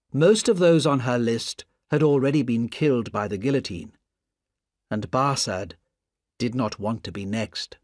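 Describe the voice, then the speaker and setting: Slow, deliberate male storyteller. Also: mid-range voice, darkish tone, no echo, clean studio sound. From Indonesia. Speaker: narrator. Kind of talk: reading a story aloud.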